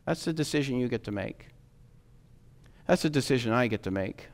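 A man preaching a sermon in an earnest, urging way, rising in emphasis and dropping low again. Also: animated, a little fast.

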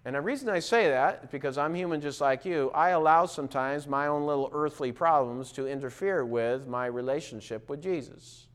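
Earnest preacher man, slightly high voice. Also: fairly quick, few pauses, smooth. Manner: earnest preaching with rising emphasis and asides; acts out quoted voices in dialogue. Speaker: pastor. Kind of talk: sermon.

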